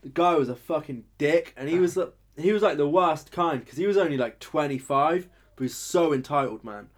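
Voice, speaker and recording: A man's voice: fairly high pitch, a little fast. Sweary young man telling stories. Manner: sweary, animated storytelling, acts out quotes loudly. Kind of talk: casual chat.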